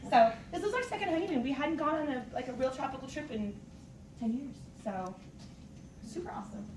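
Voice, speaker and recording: A woman's voice: sits high, animated, a little fast, darkish tone. A woman in her thirties giving an enthusiastic, casual talk as a fitness coach to a live group, laughing often. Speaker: fitness coach speaking at a team meeting. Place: meeting room with an audience. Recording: echoey room, distant mic, noisy.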